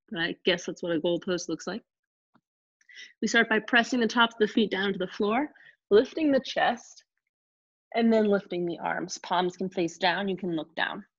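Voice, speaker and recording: A woman teaching a live online yoga class, giving calm step-by-step cues between sighs and exhales. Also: medium pitch, lo-fi sound. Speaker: yoga instructor.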